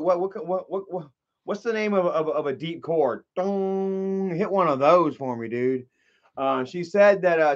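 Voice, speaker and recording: A man's voice: high-pitched, muffled recording. A man livestreaming in casual chat, rambling and profane, with lots of filler words.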